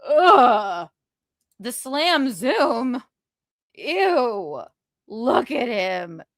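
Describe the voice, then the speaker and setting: Woman host, slow and animated, cuts people down with profane sarcasm; dry close sound. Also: mid-range voice, dry recording. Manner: mocking, blunt and profane. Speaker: livestream host. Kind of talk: profane pop-culture commentary.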